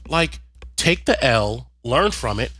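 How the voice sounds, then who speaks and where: A man co-hosting a podcast, talking in a sassy, animated way as he rants about politics in casual chat. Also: mid-range voice, slow pace, dry recording. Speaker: podcast co-host.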